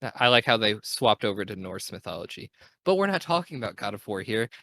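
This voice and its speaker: A man's voice: fairly low pitch, big pitch swings, fast talker, fairly bright tone, no echo. A young man hosting a casual gaming podcast, talking in an enthusiastic, rambling way and correcting himself as he goes. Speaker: podcast host.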